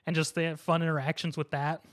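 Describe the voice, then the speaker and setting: A man recapping an anime episode in casual chat, lively and quick to laugh, acting out the characters' lines. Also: fairly high pitch. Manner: animated retelling, acts out characters' lines, laughs often. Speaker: podcast co-host.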